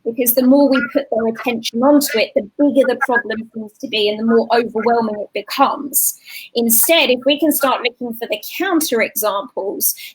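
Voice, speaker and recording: A woman's voice: fairly high pitch, husky, low-quality recording. A woman, a guest on a talk show, giving practical parenting advice in a casual explanatory way. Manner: warm practical advice, mimics sing-song voices. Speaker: guest, children's coach.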